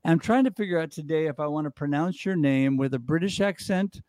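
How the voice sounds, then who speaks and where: A man's voice: a little high, a little fast, a little mellow, no echo, studio quality. A man hosting a livestream show, talking in an upbeat, motivational way. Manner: enthusiastic, motivational, repetitive. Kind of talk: upbeat promotional livestream talk.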